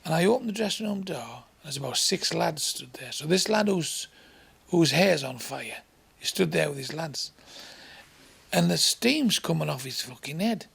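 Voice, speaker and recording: A man's voice: on the high side, a bit bright. A man from England doing crude, swearing stand-up storytelling, acting out voices and sounds along the way. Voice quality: gravelly. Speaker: stand-up comedian.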